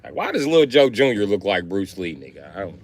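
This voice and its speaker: A comedian streamer with a lowish voice riffs profanely on a livestream, very animated and a little fast. He hops between bits, slipping in and out of different voices.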